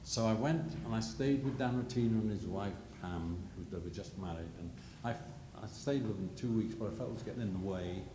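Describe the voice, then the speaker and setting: An older man telling a rambling, self-deprecating story at a gallery panel, halting with many restarts. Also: fairly low pitch. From England. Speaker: panel guest, illustrator. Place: gallery panel before an audience. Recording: echoey gallery hall, noisy.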